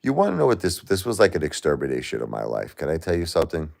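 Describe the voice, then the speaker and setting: A grieving middle-aged man speaks in an extremely deep voice with a gravelly, creaky edge. His talk is raw and repetitive, moving between anger and quiet disbelief as he speaks on a live stream. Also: wildly swooping pitch, fast. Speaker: livestream host. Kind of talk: emotional live-stream monologue.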